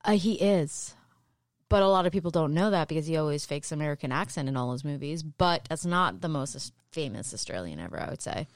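A woman's voice: sits low, expressive, brisk, no room sound, studio quality. A woman co-hosting a podcast in casual chat, teasing and sharing facts. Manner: teasing, informative. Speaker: podcast co-host.

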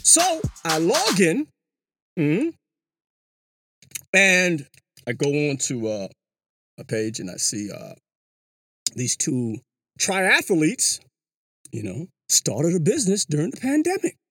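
A vlogger giving a casual monologue commentary. The delivery is animated and sing-song, full of slang, rhetorical questions and repeated words. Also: medium pitch, slow, long pauses, slightly rough, dry recording, studio quality. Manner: slangy, says "yo" and "you know" often. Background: hip hop music.

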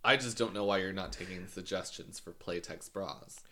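A man's voice: low voice, moderate pace, sharp tone, slight background noise. A man co-hosting a casual podcast, goofy and rambling, often searching for his words. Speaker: podcast co-host. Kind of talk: casual chat.

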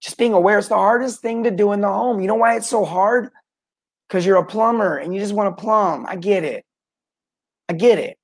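A man's voice: high voice, fairly quick. Fired-up man coaching plumbers live. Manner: energetic, talks to viewers by name, acts out customer lines. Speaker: podcast host and plumbing sales coach. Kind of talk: live-streamed coaching talk.

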